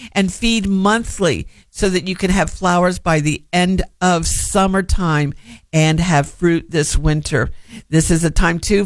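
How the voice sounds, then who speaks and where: A man's voice: high-pitched, no room sound. A man hosting a gardening radio show, giving casual advice in a chatty, rambling way with many fillers.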